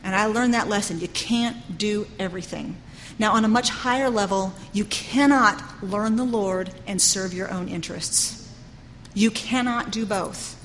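A woman's voice: mid-range voice, unhurried, slight background noise. A middle-aged woman teaching a sermon in an earnest, conversational way, often saying "you know". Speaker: Bible teacher. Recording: long hall reverb with faint ambience.

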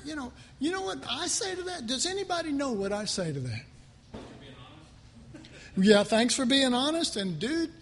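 A male pastor preaches in a high, lively voice, firing questions at his congregation and acting out the people he talks about. His voice rings through a large hall with a long reverb. A faint hum of noise sits underneath. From United States. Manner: animated, acts out quoted voices, asks the audience questions. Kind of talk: sermon. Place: church hall.

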